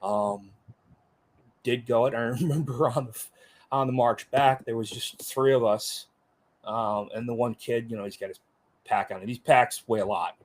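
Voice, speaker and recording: A man's voice: mid-range voice, steady tone, normal speed, slight background noise. A middle-aged man, a former Marine, telling stories in a casual interview, rambling with many fillers and acting out others' lines. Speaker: Marine veteran guest.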